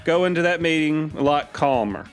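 A male radio co-host, playful and chatty, with a lively pitch set a touch high. Faint music plays under him. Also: normal speed. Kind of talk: comedic radio banter.

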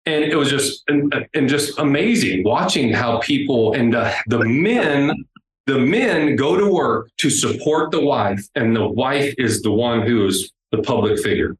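A man, a guest on an interview, telling a travel story in a casual, animated way. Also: mid-range voice, a little slow. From United States. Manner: animated, acts out the people in his story. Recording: roomy with faint background noise.

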